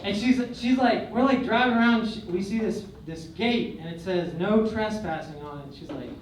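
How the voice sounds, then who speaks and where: A young male comedian telling crude, swaggering stories in a stand-up set, swinging between loud and quiet. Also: high voice, normal speed, background noise. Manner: crude, swaggering storytelling with big swings in loudness. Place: comedy club stage. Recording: echoey club recording from far off. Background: audience laughter.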